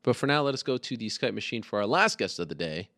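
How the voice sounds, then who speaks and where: A man's voice: mid-range voice, expressive, fast, a bit bright, dry recording, studio quality. Upbeat male host on a headset. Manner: upbeat, playful, hyped. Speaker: podcast host. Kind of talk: casual interview.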